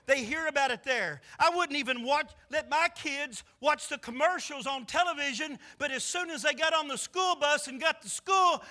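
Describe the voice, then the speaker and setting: A man's voice: extremely high pitch, bright, forceful tone. A man preaching a sermon as pastor, firing off rhetorical questions with impassioned force. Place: church sanctuary.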